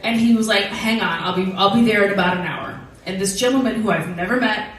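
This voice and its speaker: Animated woman telling a story in an echoey hall. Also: mid-range voice, fairly quick, distant mic. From United States. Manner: animated, casual and profane, laughing through the tale. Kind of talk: live storytelling.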